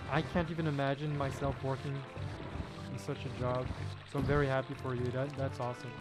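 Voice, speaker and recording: A young man from Belgium chatting with his viewers while gaming, friendly and prone to repeating himself. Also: on the high side. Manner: friendly, repeats his own phrases, talks to chat by name. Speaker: streamer. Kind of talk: casual chat while gaming. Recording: game music playing behind.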